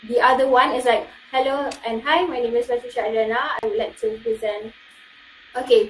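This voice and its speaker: A woman's voice: high-pitched, recorded from a distance, slight background noise. Young Malaysian woman, echoey and off-mic. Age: young adult. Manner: chatty, addresses audience, many okays. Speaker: student presenter. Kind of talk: online class presentation.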